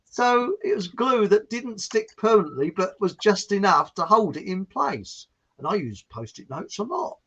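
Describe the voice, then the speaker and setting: A chatty southern English man tells stories as a guest over a video call. His voice is a little husky and lively, swinging up and down. The sound is dull and muffled. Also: sits high, moderate pace, hardly any pauses. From southern England. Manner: chatty storyteller, animated. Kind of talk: casual chat on a video call.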